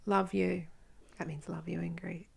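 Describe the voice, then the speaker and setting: An Australian woman hosts a solo podcast in a loose, chatty way, frank and unfiltered. Her voice sits fairly low, with a gravelly fry running through it. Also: level tone, measured pace, a little mellow. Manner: chatty, frank, swears freely. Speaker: podcast host. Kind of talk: casual solo podcast talk.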